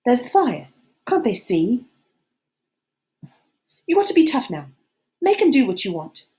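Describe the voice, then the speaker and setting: A fretful, fussy schoolboy's voice, pitched high and squeaking when he worries, as a woman reading aloud puts him on. He pleads and scolds in anxious bursts in a storybook reading. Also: big pitch swings, unhurried, mellow. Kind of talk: audiobook reading.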